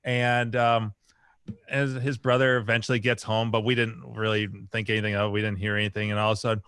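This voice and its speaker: A man's voice: on the low side, flat delivery, fast talker, a bit bright, clear, resonant tone, dry recording, clean studio sound. A man co-hosting a podcast, telling a childhood story in a laid-back, chuckling way. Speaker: podcast co-host. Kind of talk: casual storytelling.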